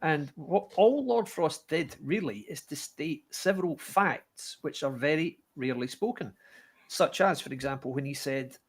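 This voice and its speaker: A man's voice: fairly high pitch, animated, unhurried, husky. A man giving emphatic, declamatory political commentary on a livestream. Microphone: livestream video call.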